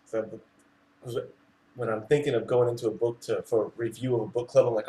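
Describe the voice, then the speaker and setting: A man's voice: medium pitch, fairly even intonation, fairly quick, warm tone. Enthusiastic man in an echoey room. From Massachusetts. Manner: enthusiastic, says "like" a lot. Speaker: podcast co-host. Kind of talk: casual chat.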